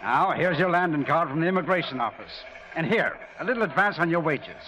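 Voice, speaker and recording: A man's voice: a little high, animated, fairly quick, pushed and bright. An actor playing a fatherly ship's captain in a 1950s radio drama, speaking in a reassuring way. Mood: kindly. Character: kindly ship's captain, middle-aged man. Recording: dull old radio broadcast.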